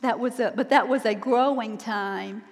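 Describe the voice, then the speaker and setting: An older woman with a slightly raised pitch tells her testimony with earnest feeling. Her voice rings out in a big reverberant hall. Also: normal speed. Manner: earnest, emotional storytelling. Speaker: minister's wife sharing testimony. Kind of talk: sermon testimony.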